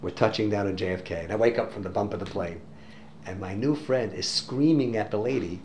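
A man telling a story in a religious talk to an audience, animated and sprinkling in Hebrew and Yiddish words. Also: lowish voice, fairly quick, a little hiss or hum. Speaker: religious teacher.

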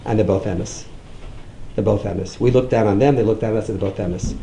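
A middle-aged man, a rabbi, giving a storytelling sermon, jumping up high whenever he quotes someone. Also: fast talker, vocal fry, roomy sound, heavy background noise. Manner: animated, swings up high when quoting others. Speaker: rabbi giving a talk on outreach.

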